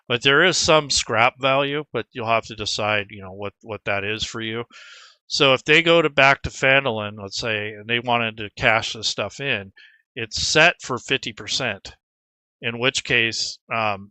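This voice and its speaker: A man's voice: medium pitch, pushed and bright, no echo. A man talking casually through a tabletop game prep tutorial, rambling with frequent restarts as game master. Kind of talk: screen-recorded tutorial.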